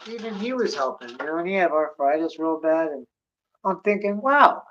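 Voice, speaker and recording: A man telling rambling stories in a casual rant, swearing constantly and sliding between mutters and loud bursts. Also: a little high, lively intonation, brisk, a little hiss or hum. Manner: drops to a mutter, then rises in bursts. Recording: dull lo-fi recording.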